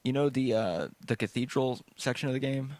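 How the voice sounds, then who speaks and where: A man co-hosting a casual gaming podcast, halting and repeating words as he explains, swearing now and then. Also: mid-range voice, a little mellow, no room sound. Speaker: podcast co-host.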